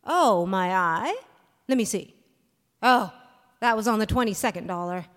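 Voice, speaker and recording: A woman's voice: medium pitch, unhurried, fairly bright tone, lightly acted. A woman voicing a battered young man who speaks solemnly and with formal, defiant politeness. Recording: long hall reverb, live stage.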